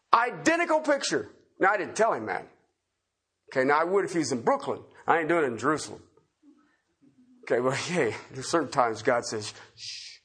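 Husky-voiced man preaching a folksy sermon. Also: extremely high pitch. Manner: folksy, swings between loud emphatic and quiet asides with chuckles.

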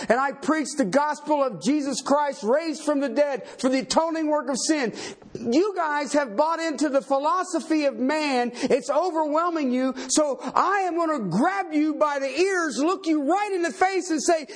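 Male pastor, sermon, lively high voice, unhurried. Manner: emphatic, swings from loud to low.

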